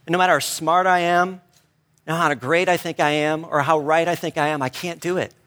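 A middle-aged man preaching a sermon, telling a family story in an animated, conversational way. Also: on the high side, brisk. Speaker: pastor.

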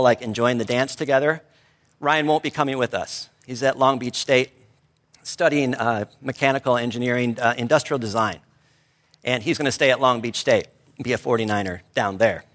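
A middle-aged man delivers a sermon with a slightly raised pitch. He shifts between preaching and a casual, lively story about his family, keeping it conversational. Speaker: pastor.

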